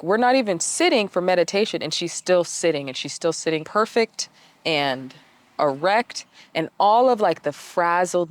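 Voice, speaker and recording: Low-pitched woman, candid self-mocking vlog storyteller, dry room. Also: no echo. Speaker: vlogger. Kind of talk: personal storytelling.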